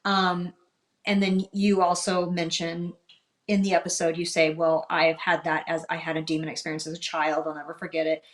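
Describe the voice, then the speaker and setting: A woman's voice: on the low side, flat delivery, moderate pace. A woman co-hosting a podcast after-show, chatting and thinking aloud as she recalls an episode. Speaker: podcast co-host. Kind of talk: casual after-show chat.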